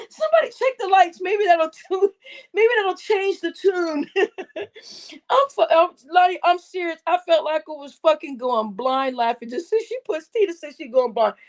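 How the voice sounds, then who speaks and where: A woman's voice: very high voice, expressive, unhurried. A woman hosting a casual livestream, constantly breaking into laughing fits and swearing freely. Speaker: livestream host.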